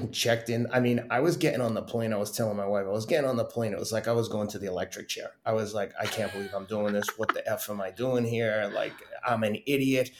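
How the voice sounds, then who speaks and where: Animated middle-aged man telling stories. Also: fairly low pitch, reverberant. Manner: animated, laughing, acts out quotes. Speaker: podcast guest, runner. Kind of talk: casual storytelling interview.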